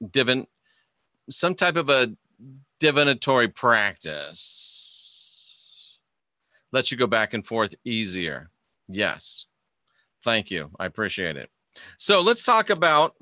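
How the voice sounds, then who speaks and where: A man with a medium-pitched, pushed, bright voice hosts a casual livestream teaching astrology, in clean studio sound with no room sound. He's chatty, reads viewer comments aloud, and stumbles over his words before restarting.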